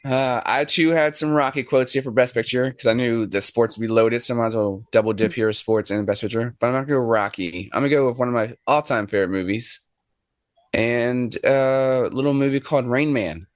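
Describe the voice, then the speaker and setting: A man on a podcast panel in relaxed, enthusiastic casual chat. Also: mid-range voice, a little fast, dry recording.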